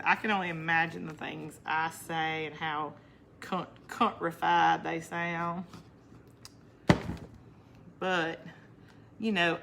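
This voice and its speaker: A talkative woman from the northern United States, hosting a crafting stream with a slightly low voice. She chats, teases her viewers and laughs often. A faint hum of room noise sits behind her. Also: vocal fry, bright, forceful tone. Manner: chatty, laughs often, talks back to viewer comments. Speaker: crafting channel host. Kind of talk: casual livestream crafting chat.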